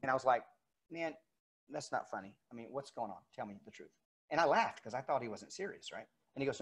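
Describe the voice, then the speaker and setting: Middle-aged guy preaching, chatty storytelling sermon, plays out the dialogue, normal pitch. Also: animated, fast talker, gravelly, slightly rough. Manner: conversational, retells dialogue with quotes. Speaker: pastor. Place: church sanctuary, recorded for online service.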